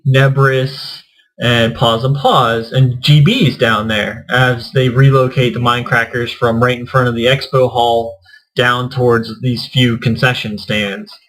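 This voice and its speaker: A man's voice: medium pitch, fairly bright tone, rough recording. A man who hosts a gaming channel, telling a rambling convention story in casual chat and acting out what others said. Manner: rambling storyteller, acts out quotes. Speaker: gaming YouTuber.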